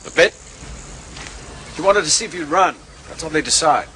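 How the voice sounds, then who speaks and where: An actor playing a calm, dryly humorous man who knows lions, in a film drama with a noisy old soundtrack. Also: a little high, moderate pace.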